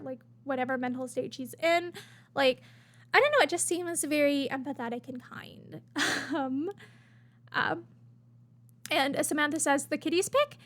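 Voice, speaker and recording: A woman's voice: high-pitched, a bit bright. A woman casually commenting while reading out message screenshots, chatty with many fillers and bursts of gushing. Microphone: webcam-style desk setup.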